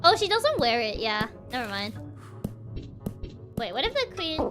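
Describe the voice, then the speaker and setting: A woman's voice: high-pitched, sing-song, moderate pace, pauses often, music in the background. A woman streamer giving casual, giggly game commentary, playful and laughing often.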